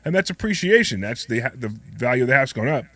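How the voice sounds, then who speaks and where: A hoarse man co-hosting a call-in show, chatting casually and joking with his partner. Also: mid-range voice, big pitch swings, quick pace, sharp tone, no room sound. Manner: upbeat, joking, plugs the phone number. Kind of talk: casual radio chat.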